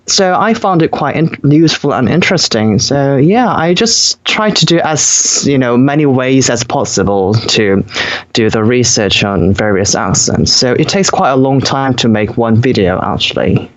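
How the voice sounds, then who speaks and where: A man's voice: mid-range voice, expressive, normal speed. A young man from South Korea, a native Korean speaker, chatting as a podcast guest in a hesitant way with many fillers and frequent laughs. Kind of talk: casual podcast chat.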